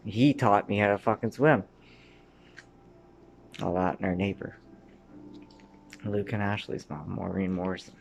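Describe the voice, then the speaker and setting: This man, a Canadian in his thirties, recalls his past in a loose monologue that jumps from thing to thing, heavy on swearing, with moments where he mutters or whispers. He speaks unhurriedly in a gravelly voice on the low side, steady in tone, pausing often. Slight background noise is present.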